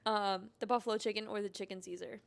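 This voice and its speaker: A woman's voice: medium pitch, steady tone, quick pace, gravelly. A woman in her twenties co-hosting a casual podcast chat, easygoing and upbeat, with lots of fillers. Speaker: podcast co-host.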